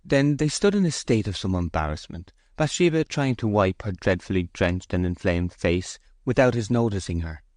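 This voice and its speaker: Male audiobook narrator, deep, measured, dry. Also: animated, darkish tone, dry recording. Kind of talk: scripted narration.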